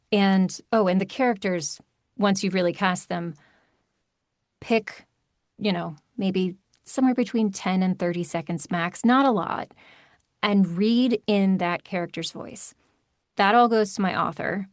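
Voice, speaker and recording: A woman audiobook narrator talking in a podcast interview, animated and emphatic with quick asides. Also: mid-range voice, dry recording, clean studio sound.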